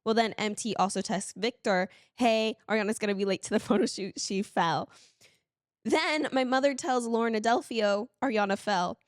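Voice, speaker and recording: Medium in pitch and normal in speed, a woman's voice carries an animated story on a podcast she co-hosts, in casual chat. She laughs through it and squeals when quoting herself, recorded dry with studio quality.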